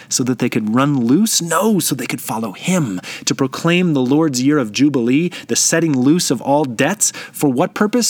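A man preaching a sermon, reflective and emphatic, slowing down to stress key phrases. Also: medium pitch, no room sound.

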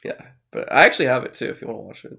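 A man's voice: medium pitch, expressive, very fast, gravelly, bright, forceful tone. Rambling man chatting on a podcast. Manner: rambling, many fillers and restarts, swears casually. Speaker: podcast co-host. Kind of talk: casual chat.

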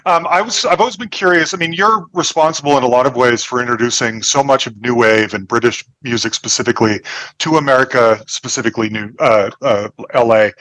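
A man's voice: a little high, bright, forceful tone, no echo. A man hosting a book interview, asking curious questions and thinking aloud. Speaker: book podcast host. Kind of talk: conversational interview.

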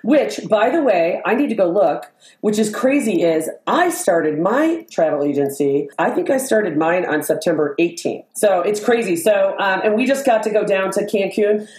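A woman hosts a casual conversation, bubbly and animated as she tells stories and laughs along the way. Her voice sits in the middle of the range for a woman. The recording has a roomy echo around it. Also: mid-range voice, normal speed. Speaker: podcast host. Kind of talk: casual chat.

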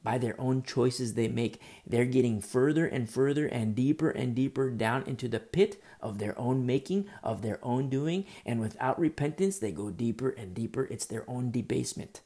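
A man's voice: medium pitch, moderate pace, hardly any pauses, dark tone. A male preacher delivering a sermon with earnest storytelling, often restarting his phrases.

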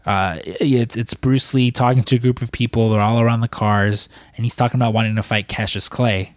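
A man's voice: medium pitch, steady tone, brisk, dry recording, clean studio sound. A man casually recapping a film plot in a chat, with lots of fillers and restarts. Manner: rambling, many fillers and restarts.

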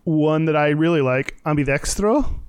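A man with a fairly high, smooth and clear voice, chatting casually as a podcast co-host. He rambles, breaks into giggles and fills gaps with "um" and "like". He sounds close to the mic in a dry room with no echo. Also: normal speed. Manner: giggly, rambling, lots of laughter and filler words. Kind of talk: casual chat.

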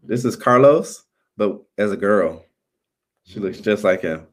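A man's voice: on the low side, animated, a little slow. A man hosting a live stream, chatting loosely as he signs off, with many ums and restarts. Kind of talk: casual live stream sign-off chat.

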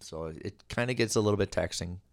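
Male host, very low voice, loose chatty delivery, dry studio sound. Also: fairly quick, no room sound. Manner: loose, rambling, animated asides. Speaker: podcast host. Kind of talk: casual podcast chat.

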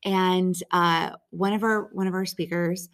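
A woman's voice: on the low side, fairly even intonation, unhurried, a bit bright, a little hiss or hum. A woman guest on a podcast, a storytelling show director, talking casually in long reflective thoughts. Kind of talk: casual conversation.

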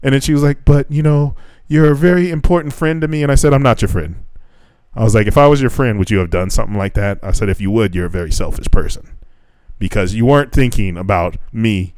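Fast and fairly low-pitched, with no room sound, a young man co-hosting a podcast recounts a dating experience. The retelling is casual and full of profanity, punctuated by quoted dialogue he performs.

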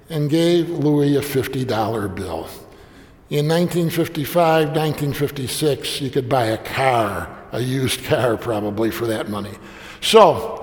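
A man's voice: fairly high pitch, darkish tone, big-room sound. An older man telling a family story in a sermon, folksy and anecdotal, slipping briefly into the voices of the people in it. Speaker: preacher.

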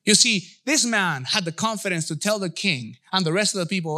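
A middle-aged male pastor delivers an energetic sermon with a high voice and a bright, forceful edge. He slips into little acted-out voices and quotes as he preaches. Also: brisk, hardly any pauses. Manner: animated, acts out voices and dialogue.

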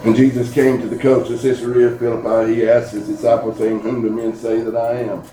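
A man preaching an earnest sermon at a church service, telling stories and slowing down to read scripture. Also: medium pitch, flat delivery, background noise. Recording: echoey church room with music behind.

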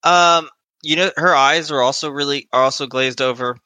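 A man running a tabletop game, chatty and loose with plenty of fillers. His voice is bright, crisp and forward, recorded dry and close. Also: mid-range voice, steady tone, fairly quick, no echo, low-quality recording. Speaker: game master.

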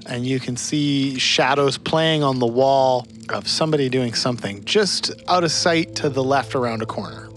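A man narrating scenes as game master of a tabletop game, in steady, descriptive storytelling. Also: medium pitch, moderate pace, few pauses, soft background music.

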